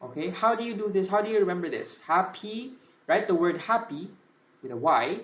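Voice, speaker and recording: A young Filipino man lectures with a slightly high voice, mixing Tagalog into his English and pausing to ask "okay?". The recording sounds echoey and dull, as if taped in a bare room. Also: expressive. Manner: Taglish code-switching, frequent "okay?" checks. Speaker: civil service exam reviewer.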